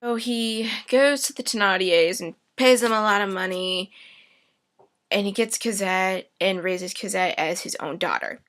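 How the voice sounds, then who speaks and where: A young woman rambles through a comic story summary with sarcastic asides. Her voice is bright and forward, and she takes her time. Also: medium pitch, a little slow.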